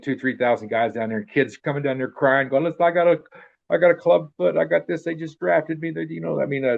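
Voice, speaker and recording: An older man in his seventies telling a long personal story in a rambling, profane way, acting out what people said. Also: medium pitch. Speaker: interviewee telling a life story. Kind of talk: casual spoken anecdote. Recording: dull, muffled lo-fi recording.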